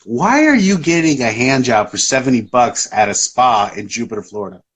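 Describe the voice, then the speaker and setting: A man's voice: medium pitch, expressive, moderate pace, a bit bright. A man hosting a live podcast in casual chat, rambling with lots of fillers and restarts. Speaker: podcast host.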